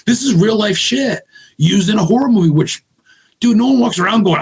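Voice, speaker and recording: Man, podcast guest, blunt, profane, excitable, husky, gravelly. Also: high-pitched, fast. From Maine. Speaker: podcast guest, ghost hunter. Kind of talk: casual podcast chat.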